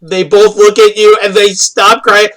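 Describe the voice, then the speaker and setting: A game master narrating a tabletop game, loose and animated, laughing often. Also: medium pitch, a little slow, low-quality recording.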